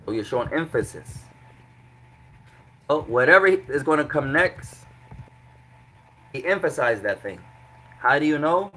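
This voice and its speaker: Man, teacher running a grammar class, patient and repetitive, bright voice, faint hum behind. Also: a little high, expressive, unhurried, pauses often, low-quality recording. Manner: explains patiently with repeated examples. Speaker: Arabic teacher.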